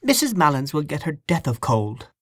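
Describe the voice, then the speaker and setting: A man's voice: fairly high pitch, big pitch swings, normal speed, no echo, studio quality, pitched above the performer's own voice. A man reading a story aloud, voicing a fussy, good-humoured elderly aunt in a raised, chiding voice. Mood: fussing. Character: fussy elderly aunt, woman, kindly and sharp.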